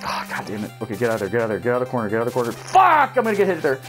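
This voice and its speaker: A young man giving casual gameplay commentary, swearing, shouting at enemies and talking to his viewers as he plays. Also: on the low side, rapid-fire, soft background music. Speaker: let's play gamer.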